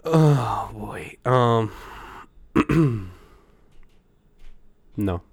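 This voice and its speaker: A man's voice: lowish voice, lively intonation, drawn-out words, creaky, slightly rough, dry recording. A man co-hosting a podcast in loose, joking banter, laughing often and rambling with fillers. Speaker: podcast co-host. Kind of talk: casual banter.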